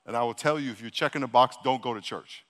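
Bright-voiced pastor preaching in a reverberant church. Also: male voice, mid-range voice, fast. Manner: exhorting, repeats himself, Southern-leaning casual speech; calls the congregation to loud prayer. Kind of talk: sermon. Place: large church hall. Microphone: handheld or stage microphone. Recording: long hall reverb.

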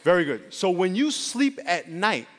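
A man preaching a sermon as pastor, animated and leading call-and-response with the congregation. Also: sits high, unhurried. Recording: long hall reverb.

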